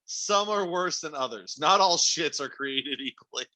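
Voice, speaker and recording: A man's voice: high-pitched, expressive, slow, bright, forceful tone. A man co-hosting a podcast in casual chat, blunt and given to crude jokes. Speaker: podcast co-host.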